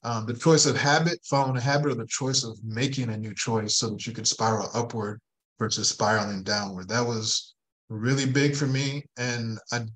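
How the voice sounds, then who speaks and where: A man with a mid-range voice takes his turn in a group discussion. He speaks thoughtfully and measures his words, with some halting restarts. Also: medium pitch, steady tone, a bit bright, rough recording. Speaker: team member.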